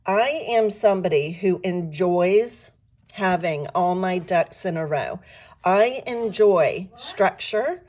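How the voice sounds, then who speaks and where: A woman with a slightly rough morning voice chats brightly to her viewers. She counts bills aloud one by one and cheers them on in a casual, friendly way. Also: lowish voice, lively intonation, slow. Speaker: budgeting vlogger.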